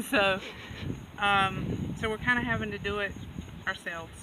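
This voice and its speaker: A woman's voice: mid-range voice, steady tone, measured pace. A woman chatting casually in a farm vlog, laughing often and coaxing her animals. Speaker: goat farmer vlogger. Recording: distant outdoor mic, background noise.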